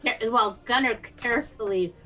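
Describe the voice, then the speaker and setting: A woman's voice: on the high side, moderate pace, sharp tone, dull audio, faint music behind. A woman playing in a tabletop game, playful and a bit hesitant. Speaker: player.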